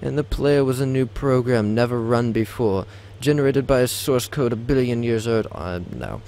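A man's voice: mid-range voice, expressive, moderate pace, warm tone, slight background noise. A young man, host of a game video, giving a theatrical reading over gameplay, stumbling and tossing in joking asides. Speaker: let's play host.

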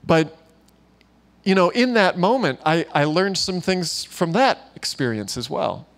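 A man preaching to a church gathering, telling a story in a lively way and acting out the voices of the people in it. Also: sits high, unhurried, creaky. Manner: animated storyteller who acts out quoted voices and laughs often. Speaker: pastor. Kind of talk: sermon storytelling. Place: church meeting room.

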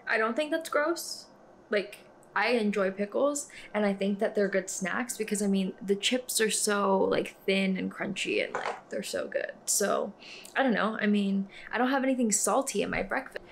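A woman's voice: medium pitch, normal speed, vocal fry, slight background noise. A young woman chatting casually to camera in a vlog, upbeat and full of "like". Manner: chatty, upbeat, says "like" often. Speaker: vlogger and disc golfer.

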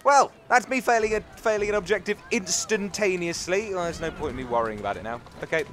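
This gaming YouTuber, a young man from England, has a high-pitched, fairly bright voice and a British accent, talking a little fast and animatedly. He makes fun of himself while casually playing through a game over game music.

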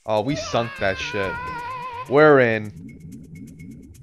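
A man from Florida streaming a video game live, casually chatting with viewers, swearing and breaking into excited outbursts. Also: fairly low pitch, drawn-out words, over music.

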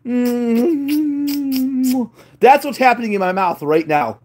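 Playful, excitable food vlogger, high and animated. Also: male voice, a little fast. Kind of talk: casual taste-test commentary.

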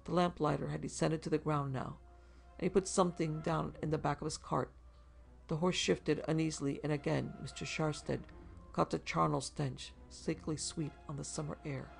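A man narrating a macabre short story in a measured, even storytelling delivery. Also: on the high side, vocal fry, soft background music. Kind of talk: scripted horror story narration.

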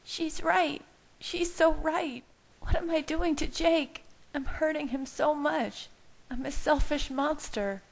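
A woman doing a frantic young woman, pitched high. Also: unhurried, gravelly, rough recording. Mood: distraught. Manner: near-hysterical, self-reproaching, then soft. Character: distraught young human woman, pregnant.

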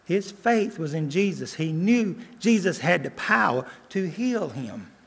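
An older man preaching a sermon as a guest preacher, earnest, repeating lines and slowing down for emphasis. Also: high-pitched, sing-song, vocal fry, a bit bright, husky. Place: church sanctuary. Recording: long church reverb.

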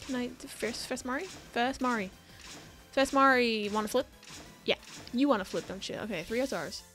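A gaming YouTuber chats casually through her gacha pulls, begging for good luck and swearing when it fails. Her voice is on the high side and a bit bright, at a normal speed, with soft background music.

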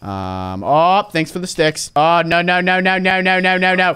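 Young male gamer, excitable commentary, bouncy high-ish voice, smooth tone. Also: quick pace, hardly any pauses. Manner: excitable, swings from hushed muttering to frantic yelling. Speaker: gaming YouTuber. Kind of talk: game commentary.

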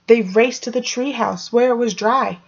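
A woman's voice: a little high, normal speed, a little hiss or hum. Woman teacher reading aloud to kids. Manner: gentle, explaining, asking the children questions. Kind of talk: storybook read-aloud to young children. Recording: dull lo-fi recording.

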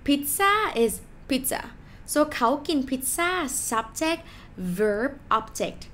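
Woman teaching a beginner lesson, kinda high voice, slow and patient, faint hiss behind. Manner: slow, patient explaining with repeated example words. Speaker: Thai language teacher. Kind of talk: online language lesson.

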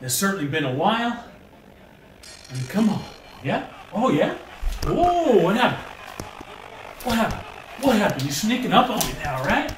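Breathless trash-talking man, lively high voice. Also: normal speed, pauses often, echoey room, recorded from a distance, slight background noise, rough recording. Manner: teasing, chatty, exclaims a lot. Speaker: gaming video creator. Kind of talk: playful trash talk while playing a VR boxing game.

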